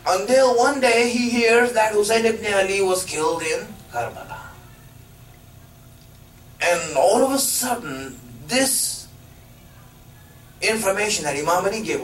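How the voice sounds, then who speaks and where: A man's voice: high voice, a little hiss or hum. Preacher man in an echoey hall. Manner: halting, filler-heavy narration with emphatic questions. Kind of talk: sermon storytelling. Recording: echoey room from a distance.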